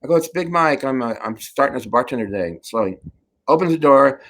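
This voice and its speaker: A man's voice: medium pitch, fast. Host, male, middle-aged, campy raconteur with a chatty storytelling delivery. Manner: campy, laughing, animated storyteller. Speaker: talk show host. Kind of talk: casual storytelling chat.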